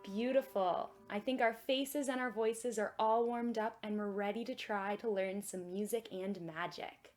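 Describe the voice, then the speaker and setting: A young woman leading a children's music and magic lesson in a gentle, encouraging way that is exaggerated for kids. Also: mid-range voice, fairly even intonation, normal speed, few pauses.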